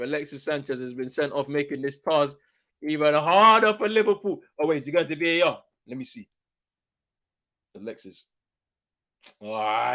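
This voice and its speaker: Young man, watchalong host; slangy, excitable, repeats lines, jumps from shouts to mutters. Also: fairly high pitch. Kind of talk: live football watchalong commentary.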